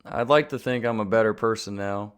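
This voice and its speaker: Earnest man with a smooth, lowish voice. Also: fairly quick. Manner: earnest, self-deprecating. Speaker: channel host. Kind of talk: candid confessional talk.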